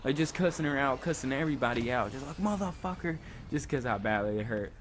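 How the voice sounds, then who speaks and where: A young man tells a story in a relaxed, rambling way, filling his sentences with "like" and swearing freely. His voice sits at a middle pitch. A faint hiss of noise runs underneath the recording. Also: fast. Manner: laid-back, swears freely, lots of "like". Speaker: vlogger. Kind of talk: casual storytelling.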